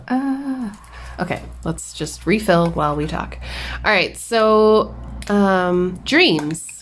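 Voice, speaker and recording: A woman's voice: on the low side, expressive, slow, a little hiss or hum. A young woman hosting a crafting vlog, telling a story in a chatty, giggly way with lots of fillers. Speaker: crafting channel host. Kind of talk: casual chat while diamond painting.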